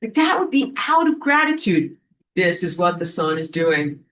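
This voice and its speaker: A woman giving a casual spiritual lesson, chatty and loose, often acting out quoted voices in a higher pitch. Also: moderate pace, slight background noise. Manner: animated, acts out quoted voices with rising pitch; loose and chatty, with fillers and restarts. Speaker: spiritual teacher. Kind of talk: casual spoken teaching.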